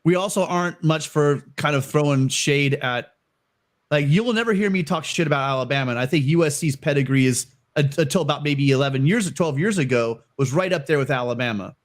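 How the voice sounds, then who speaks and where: A man's voice: a little high, a little fast. A man joking and rambling as a guest on a livestream sports panel, often correcting himself. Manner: rambling, self-correcting, jokey. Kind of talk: casual podcast chat.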